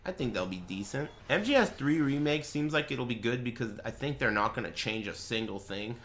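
A young man live-streaming a game, chatting to viewers and swearing as he mock-rants and bursts into yelling at them. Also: mid-range voice, lively intonation, a little fast, a little hiss or hum. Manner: profane, mock-ranting at chat, erupts into yelling. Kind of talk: live gaming stream commentary.

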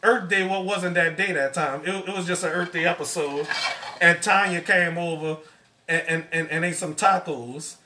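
A man hosts a casual cooking live stream from his home kitchen, stammering and chatting with viewers. His voice is high and bright. He is a bit away from the mic in an echoey room. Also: steady tone, moderate pace, distant mic, slight background noise. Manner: stammering, repeats words, addresses viewers as y'all. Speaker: cooking show host.

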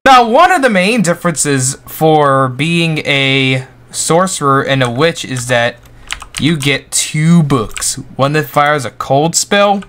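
A young gaming YouTuber with a fairly high voice speaks slowly as he casually walks viewers through Roblox gameplay. His tutorial commentary is goofy and rambling, with excitable outbursts.

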